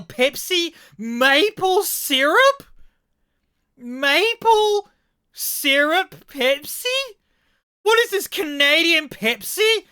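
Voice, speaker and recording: A woman's voice: high-pitched, bright, forceful tone, no room sound, studio quality. A woman reacting in casual commentary to strange sodas, incredulous and swearing, often stammering in disbelief. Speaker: vlogger reacting to odd sodas.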